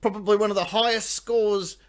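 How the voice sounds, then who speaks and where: A man's voice: high-pitched, steady tone, brisk. A man with an Australian accent hosting a live quiz show, joking, laughing often and swearing freely. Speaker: quiz host. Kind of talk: casual live quiz banter.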